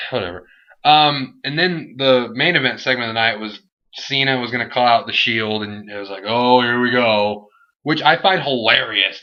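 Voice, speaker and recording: Young dude rambling about wrestling, jokey, sharp bright voice, kinda muffled lo-fi audio. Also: male voice, mid-range voice. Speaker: wrestling show reviewer. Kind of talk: casual video review. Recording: dull lo-fi home recording.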